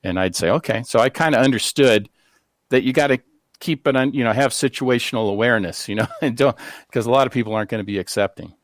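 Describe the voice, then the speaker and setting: A man's voice: mid-range voice, fast, no room sound, studio quality. An older American man, a guest on a radio talk show, telling rambling personal stories full of fillers and restarts. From United States. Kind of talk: casual interview storytelling.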